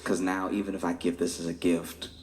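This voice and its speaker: A man's voice: low-pitched, level tone, fairly quick. A stand-up comedian, a man, telling a story in a conversational way and briefly acting out other people's voices. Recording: reverberant stage audio with faint noise.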